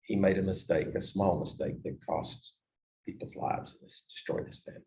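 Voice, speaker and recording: Low gravelly guy presenting, telling stories, loud bits then quiet asides, echoey room. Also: fairly even intonation, moderate pace. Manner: anecdotal, swings between loud emphasis and quiet asides. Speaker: presenter on negotiation. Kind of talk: storytelling presentation. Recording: echoey room, distant mic.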